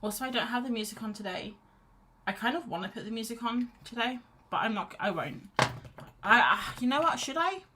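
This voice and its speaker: A woman with a fairly high, animated voice talks a little fast as she paints on a home live stream, snug on the sofa in a blanket. This art streamer rambles, reads out chat messages and encourages herself. Quiet music plays against a noisy background.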